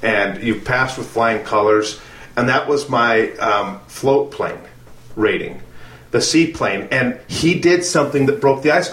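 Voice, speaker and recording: A man telling a lively story on a casual aviation podcast, laughing and restarting as he goes. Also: mid-range voice, reverberant. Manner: animated storyteller, restarts and laughs through lines. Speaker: podcast co-host.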